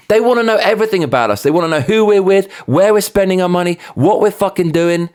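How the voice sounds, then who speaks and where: A man's voice: a little high, darkish tone. A man hosting his own show, ranting heatedly with plenty of swearing and sarcastic mockery. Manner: sarcastic, mocking. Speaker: host. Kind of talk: opinion rant.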